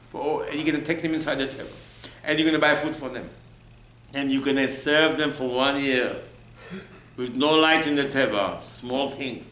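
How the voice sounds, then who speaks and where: Animated rabbi preaching in an echoey room. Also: male voice, moderate pace. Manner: animated, acts out mocking voices, jumps high in pitch. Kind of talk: sermon. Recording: echoey room with faint ambient noise.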